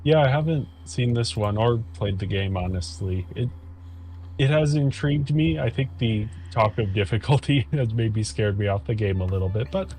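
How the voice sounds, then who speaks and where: Low-voiced easygoing man. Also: moderate pace, a little mellow, slight background noise. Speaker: co-host. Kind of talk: casual chat.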